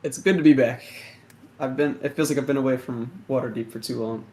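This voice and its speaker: A man's voice: medium pitch, steady tone, brisk, dark tone, a little hiss or hum. A man playing his character in a tabletop game in an easygoing, conversational way. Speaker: player. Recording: echoey room.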